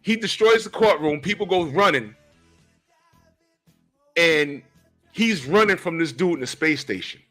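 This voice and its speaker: A man recapping a film in a loose, animated podcast chat. His voice sits somewhat high and comes across bright and forceful, with faint music underneath. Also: unhurried, pauses often. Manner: animated storytelling with sudden voice jumps. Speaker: podcast host. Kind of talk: casual movie recap chat.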